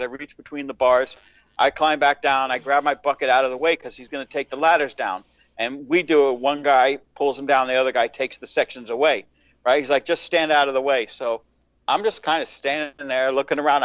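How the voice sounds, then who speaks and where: A man telling a rough-edged work story in casual podcast chat, swearing as he goes. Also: medium pitch, dry recording, dull audio. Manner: profane, animated storytelling.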